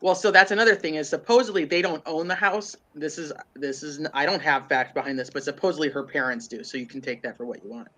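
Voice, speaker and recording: Congested man with a bright voice. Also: fairly high pitch, fast, hardly any pauses. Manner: rambling, thinking aloud with many fillers. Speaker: livestream co-host. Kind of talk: livestream true crime discussion.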